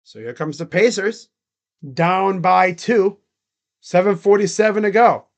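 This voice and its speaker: A man with a fairly high voice calls a basketball game live for his stream. He talks casually and rambles between plays, saying "like" a lot. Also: measured pace, gravelly. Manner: casual, rambling, heavy use of "like". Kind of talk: live play-by-play reaction commentary.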